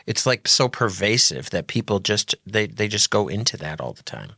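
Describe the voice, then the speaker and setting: A man's voice: lowish voice, very animated, normal speed, vocal fry, sharp tone, no room sound, clean studio sound. A man joining a podcast in casual chat, eager and agreeable.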